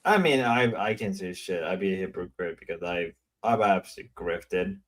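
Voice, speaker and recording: Low-voiced man hosting a stream chat. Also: lively intonation, moderate pace, a crowd in the background. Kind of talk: casual online stream chat.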